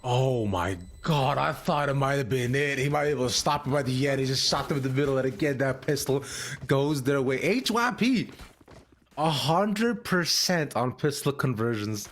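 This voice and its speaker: A man's voice: medium pitch, moderate pace, a bit bright. A man co-casting a live esports match, hyped and playful, joking with slang and stretching words for emphasis. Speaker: esports co-caster. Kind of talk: live color commentary, casual banter.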